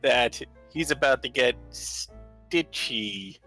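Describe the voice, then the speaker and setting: A man's voice: mid-range voice, animated, takes it slowly, sharp tone, faint music behind, rough recording. A man playing a tabletop game, joking and teasing. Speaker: player. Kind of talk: tabletop role-play.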